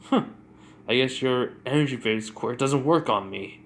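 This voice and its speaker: A man voicing a determined teenage boy hero who talks calmly and plainly. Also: medium pitch, a little slow, a little hiss or hum, natural voice.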